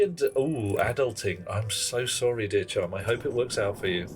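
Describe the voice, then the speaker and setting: A man's voice: fairly low pitch, normal speed, few pauses, faint music behind. A man chatting on a live game stream in a wry, theatrical way. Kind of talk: casual live-stream chat.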